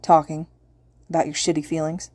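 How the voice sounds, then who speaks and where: A woman voicing a gruff, defensive teenage boy who speaks curtly in a storybook reading. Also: low voice, level tone, fairly quick, darkish tone, no room sound. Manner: curt, rude.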